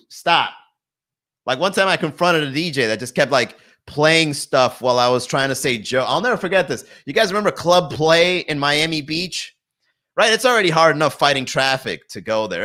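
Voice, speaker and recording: A man's voice: mid-range voice, sharp tone. A young adult man doing comedy on a live stream from his garage, riffing loosely and laughing at his own jokes. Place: home garage.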